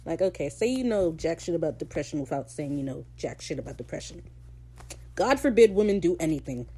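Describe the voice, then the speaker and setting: A woman hosting a podcast, recapping a show in casual, sarcastic, animated rants full of slang. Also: low voice, a little fast, husky. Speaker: podcast host.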